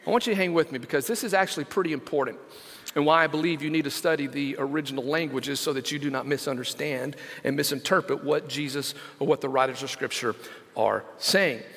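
A male senior pastor preaching a sermon, stressing scripture slowly and calling out to the congregation. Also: fairly high pitch, a bit bright, long reverb tail. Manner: emphatic, slows down to stress scripture; engages congregation with call-outs.

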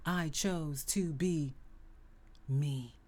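Her deep, mellow voice moves extremely slowly as this middle-aged woman hosts a motivational self-help podcast. She is emphatic and highly repetitive, with occasional sudden whispered asides.

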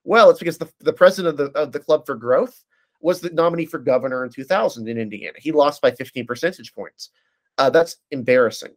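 Fast-talking man analyzing politics. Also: a little high. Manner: rapid, detailed, frequent restarts and fillers. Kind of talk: casual political discussion.

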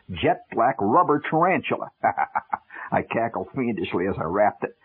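Wry, animated male radio storyteller. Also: medium pitch, breathy edge. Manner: wry, animated, rapid swings from loud to hushed. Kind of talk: humorous first-person storytelling. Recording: tinny old radio broadcast with music.

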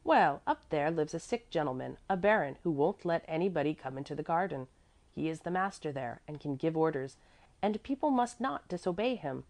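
Earnest, fretful old housekeeper type, emphatic, with lively pitch swings, read by a woman. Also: brisk. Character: fussy, devoted older woman servant.

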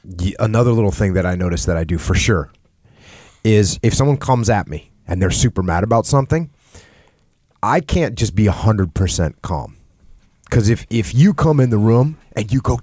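A middle-aged man hosting a podcast, explaining things calmly and plainly in casual conversation, acting out short examples. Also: on the low side, moderate pace, breathy edge, no room sound, studio quality. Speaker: podcast host.

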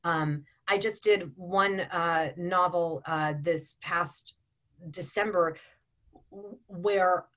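A woman's voice: fairly low pitch, takes it slowly, fairly bright tone. A woman in her forties, an audiobook narrator and voice actor, talking in a chatty interview with frequent ums and restarts. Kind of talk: casual interview chat.

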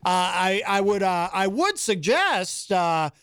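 A man hosting a casual call-in radio show, talking haltingly with many fillers and amused laughs. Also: high-pitched, big pitch swings, a bit bright, clean tone, no room sound, clean studio sound. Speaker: radio host.

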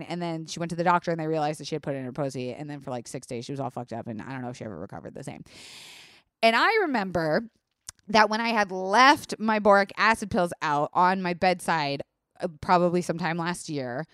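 A woman's voice: on the low side, fairly bright tone, smooth, no echo, clean studio sound. A woman hosting a podcast, telling a comedic story in a candid, profane, chatty way and acting out her own panic. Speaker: podcast host.

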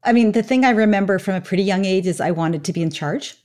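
A woman's voice: medium pitch, fast, a little mellow. A woman in her fifties, a guest author on an interview podcast, recounting her past in a reflective storytelling way with many casual asides. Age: 50s. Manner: reflective storyteller, frequent "you know" asides.

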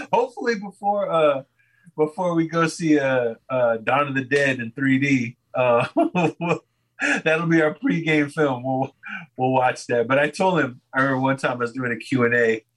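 A man's voice: medium pitch, measured pace, a bit bright, rough recording. A man guesting on a podcast, telling a rambling story in casual chat and laughing often.

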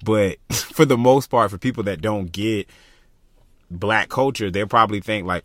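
A young man from Florida, co-hosting a podcast in casual chat, passionate and animated, thinking aloud with lots of fillers. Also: fairly low pitch, moderate pace, no echo, clean studio sound. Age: young adult. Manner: passionate, animated, talks through ideas with many fillers. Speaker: podcast co-host.

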